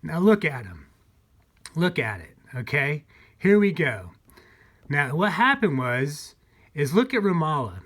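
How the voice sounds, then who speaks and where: A man's voice: fairly high pitch, big pitch swings, measured pace, long pauses, a bit bright. A man hosting his own channel, talking to viewers in a rambling, repetitive monologue, often restarting and calling them folks. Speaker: conspiracy channel host.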